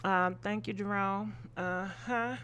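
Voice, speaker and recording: A gossip host speaks slowly in a steady, fairly bright, mid-range voice, with slight background noise in the audio. Her live-stream commentary is blunt, profane, and opinionated, rambling along with frequent ums and asides.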